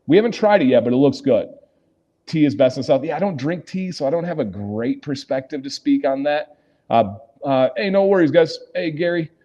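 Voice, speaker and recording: A man's voice: on the high side, expressive, fairly quick, dark tone, lo-fi sound. A man from Michigan hosting a casual livestream, answering viewer comments and laughing often, speaking from a hotel lobby. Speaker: livestream host reading chat.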